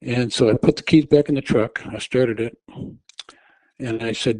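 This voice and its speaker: A middle-aged man recounts a personal ordeal for an interviewer, often restarting his sentences. His voice is mellow and dark, and it climbs high and loud when he re-enacts his own shouting. The recording is dry, with no room sound. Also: fairly even intonation, normal speed, no room sound, poor audio. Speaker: interview guest telling his testimony. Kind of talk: personal storytelling. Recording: audio only.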